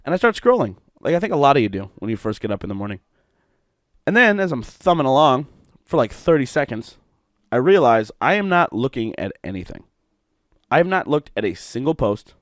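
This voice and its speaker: A man's voice: mid-range voice, very animated, fairly quick, dry recording, clean studio sound. A middle-aged man from Ohio hosting a solo podcast, rambling, swearing and mocking himself. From Ohio, USA. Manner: rambling, profane, self-mocking. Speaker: podcast host.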